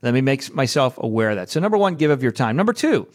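A conversational man in his thirties shares a story about faith and giving. His voice sits at an ordinary pitch, and he talks in a loose, friendly way, tossing in quick asides and tag questions. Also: sing-song. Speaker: podcast host. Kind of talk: casual faith-based storytelling.

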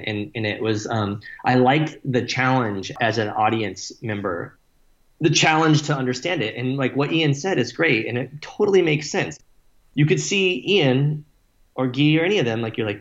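A man's voice: medium pitch, lively intonation, moderate pace, echoey room, muffled recording. A man talking casually in an interview, rambling and swearing, with many fillers like "like" and "you know". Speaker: musician guest.

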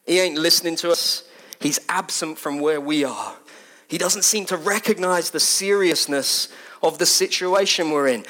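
Animated preaching man. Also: on the high side, moderate pace. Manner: animated, conversational, emphatic repetitions. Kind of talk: sermon.

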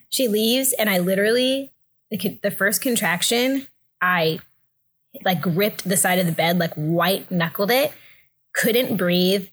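A young woman telling a story in a casual chat, animated and laughing often, acting out the other people's voices. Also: measured pace, slightly rough. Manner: animated, acts out voices with big pitch jumps, laughs often. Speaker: guest telling a birth story.

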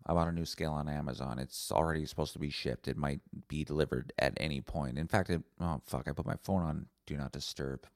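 A man's voice: very deep voice, steady tone, fast, creaky, hardly any pauses, no echo, studio quality. A man hosting a solo podcast, talking in a rambling, blunt, profane way. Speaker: podcast host. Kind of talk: casual solo podcast monologue.

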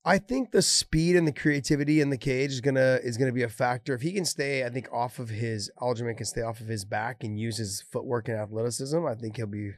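A man's voice: medium pitch, fairly quick, no room sound. Teasing man in casual chat. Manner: joking, teasing banter. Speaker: podcast co-host. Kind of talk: casual chat about fights.

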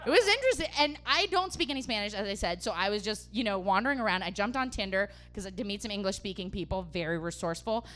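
A young woman performing a stand-up comedy set for a live audience in a small venue, with punchy delivery and loud outbursts. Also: medium pitch, lively intonation, fast, few pauses.

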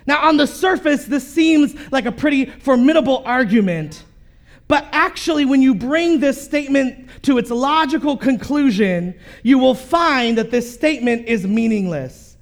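A man's voice: very high-pitched, lively intonation, normal speed. A male pastor, preaching a sermon and telling stories with many fillers and restarts.

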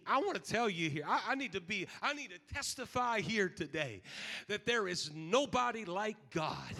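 A man preaching a sermon, shifting between shouted exhortation and quiet scripture reading. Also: sits high, animated, unhurried, creaky.

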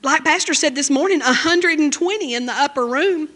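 High-pitched woman preacher, emotional, fervent sermon delivery. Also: a little fast, a bit bright. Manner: emotional, fervent, with frequent amens and hallelujahs. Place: church.

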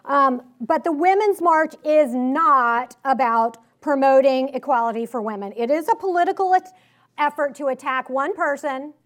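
A woman's voice: sits high, moderate pace. A woman with a slight Southern accent giving a political speech to a live audience, emphatic and sarcastic, full of rhetorical questions. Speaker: conference speaker. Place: conference hall.

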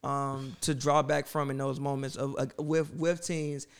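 A man's voice: medium pitch, flat delivery, unhurried, clear, resonant tone. A young man co-hosting a casual sports debate, insistent and repeating his points over the others. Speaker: co-host.

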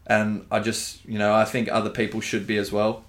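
Brief: Australian gym-owner podcast host, relaxed, swears a lot, calls everyone bro. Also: male voice, fairly low pitch, brisk. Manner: laid-back, swears freely, calls listeners dude and bro. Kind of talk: casual podcast chat.

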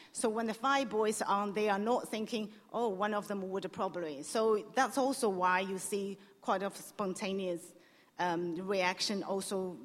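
A woman panelist explaining how a dating show works, talking in halting bursts with many restarts. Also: mid-range voice. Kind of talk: panel discussion. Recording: echoey hall on stage.

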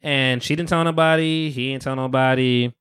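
A man's voice: medium pitch, normal speed, clean tone, dry recording, clean studio sound. A man hosting a podcast, recapping a reality show in casual chat and acting out the people in it. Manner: animated storytelling with laughs and playful voices. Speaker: podcast host.

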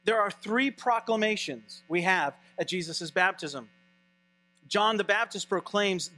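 A male pastor preaching a sermon in an animated, conversational way. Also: high voice, a little slow, faint music behind.

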